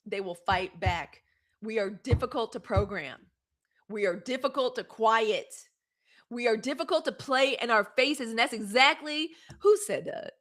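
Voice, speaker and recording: Her voice sits on the high side and moves a little slowly as she hosts a casual livestream. Animated, she talks commentary and reads viewers' live comments aloud.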